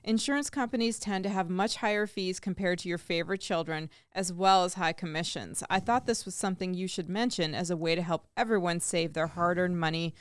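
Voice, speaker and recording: A woman's voice: fairly low pitch, fairly quick, few pauses, smooth, no echo. A woman co-hosting a radio show, reading listener letters aloud in an upbeat, amused way into a studio microphone. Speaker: radio co-host.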